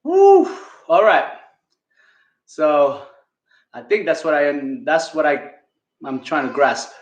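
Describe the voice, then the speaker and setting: A fitness coach leads a live online kettlebell class, counting reps and giving coaching cues while out of breath. His voice is fairly high-pitched and slow, and the sound is reverberant.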